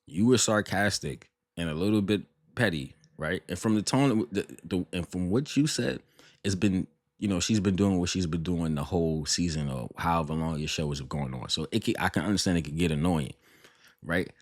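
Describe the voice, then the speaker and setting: Deep-voiced man, blunt and sarcastic. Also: normal speed, dry recording. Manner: blunt, sarcastic, rambling with many restarts. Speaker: reaction video host. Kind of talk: casual reaction commentary.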